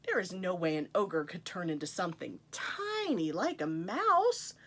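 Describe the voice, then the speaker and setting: A woman's voice: fairly low pitch, sing-song, measured pace, a bit bright, full character voice. A woman voicing a clever, bold male talking cat in a storybook, eager and persuasive.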